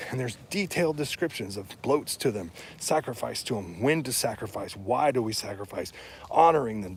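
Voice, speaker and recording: On a podcast about heathen religion, a host or guest talks in a slightly rough, mid-range male voice. His casual delivery is forceful and direct, often rising into outraged rhetorical questions.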